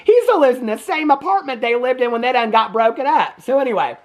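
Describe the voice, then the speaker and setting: A woman's voice: sits high, expressive, fast talker, darkish tone. A woman with a Southern US accent giving a sassy, chatty movie review, laughing often and tossing in "baby" and "okay?" as she talks. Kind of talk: casual movie review rant.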